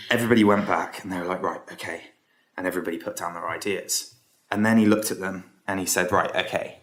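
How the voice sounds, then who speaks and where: A man with a fairly low voice tells a long story as a podcast guest. He rambles casually, stopping and restarting with plenty of ums along the way. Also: moderate pace, a bit bright. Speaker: entrepreneur guest.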